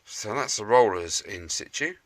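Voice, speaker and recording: A man's voice: lowish voice, animated, normal speed, noisy background. A man with a chatty, jokey, self-mocking manner, talking casually to camera as he works in his home shed restoring a scooter. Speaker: motorbike restoration vlogger.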